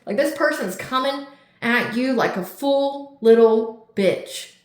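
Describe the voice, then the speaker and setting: A woman's voice: on the high side, lively intonation, slow pace. A woman giving a casual tarot reading, talking bluntly and emphatically with lots of swearing and "like". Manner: blunt, profane, emphatic, fillers of "like". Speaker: tarot reader. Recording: roomy echo.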